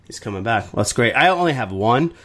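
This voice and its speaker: A man's voice: mid-range voice, fairly quick. Podcast co-host guy, mid voice, cracking jokes and cussing, super casual. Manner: profane, joking, animated.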